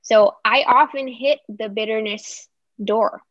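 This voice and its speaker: A woman speaking as a podcast guest, explaining in an animated way and acting out example voices. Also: fairly high pitch, slow, dry recording. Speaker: guest coach. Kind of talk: podcast interview. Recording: slightly muffled, dry sound.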